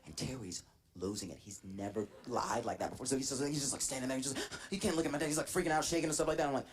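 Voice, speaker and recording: A man's voice: mid-range voice, fast talker. A man doing stand-up comedy, telling a story and laughing as he goes. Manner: animated, laughing through his own story. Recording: noisy live stage recording.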